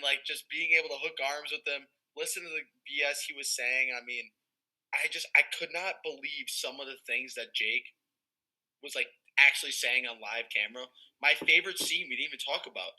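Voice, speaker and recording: A young man chatting casually as a podcast panelist, telling animated stories full of fillers and swearing. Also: medium pitch, normal speed, rough recording. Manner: animated storytelling, heavy "like" fillers, swears freely. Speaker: podcast panelist, former player. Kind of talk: casual chat.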